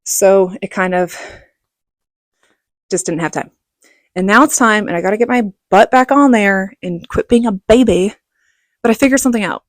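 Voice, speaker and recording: Animated woman telling a story, dry close sound. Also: medium pitch, normal speed, pauses often, dry recording. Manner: animated, laughing storyteller with quoted asides. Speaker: vlogger. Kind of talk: casual storytelling.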